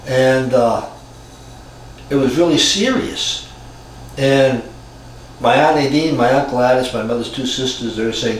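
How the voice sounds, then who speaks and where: A man in his sixties from Cambridge, Massachusetts, telling a personal story in a reflective, halting way with frequent restarts. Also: mid-range voice, expressive. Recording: very echoey room from far off, faint noise.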